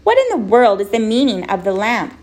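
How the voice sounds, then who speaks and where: A woman's voice: mid-range voice, big pitch swings, brisk, darkish tone, lightly acted. Dreamy, wordy boy, unbothered and musing; a woman reader voices him. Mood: calm. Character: dreamy, rambling, self-absorbed boy, unhurried.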